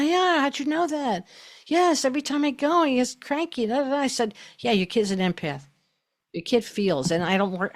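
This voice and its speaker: A middle-aged woman hosting a spoken talk on self-love, chatty and emphatic. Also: medium pitch. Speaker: host.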